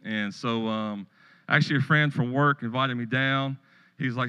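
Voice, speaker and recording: A man's voice: mid-range voice, fast talker, pushed and bright, dull audio. A middle-aged man pastor preaching a sermon, telling stories and joking with the congregation in a church. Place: church sanctuary.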